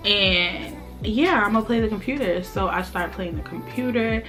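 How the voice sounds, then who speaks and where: A young woman, a vlogger telling a storytime tale with animated delivery and acted-out quotes. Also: mid-range voice, unhurried, few pauses, faint music behind. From Brooklyn, New York. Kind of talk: storytime chat.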